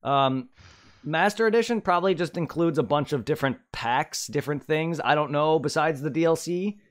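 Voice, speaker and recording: A man's voice: on the high side, moderate pace. A man chatting casually while streaming a game, rambling and humming to himself as he reads aloud. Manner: rambling, mutters and hums while reading. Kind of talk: casual live-stream gaming chat.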